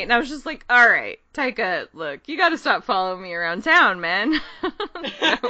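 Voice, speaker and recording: A woman co-hosting a podcast, telling a long, excited story in casual chat, rambling and laughing often. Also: lowish voice, dry recording, highs cut off. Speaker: podcast co-host.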